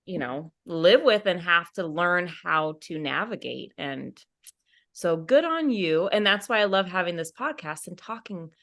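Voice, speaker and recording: Female podcast host, slightly low voice, supportive casual chat. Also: lively intonation, a little slow. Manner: warm-hearted, filler-heavy, supportive.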